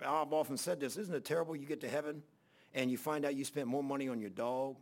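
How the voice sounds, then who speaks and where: A man preaching a sermon in a folksy, halting way with many fillers, reading scripture aloud in old-fashioned wording. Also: mid-range voice. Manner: reads scripture aloud in King James wording. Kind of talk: sermon Bible teaching.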